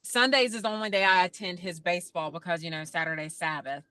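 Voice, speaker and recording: A woman's voice: lowish voice, steady tone, fast, bright, forceful tone. A woman in a group video call, rambling and searching for words as she explains herself. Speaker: group member. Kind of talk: casual video-call chat.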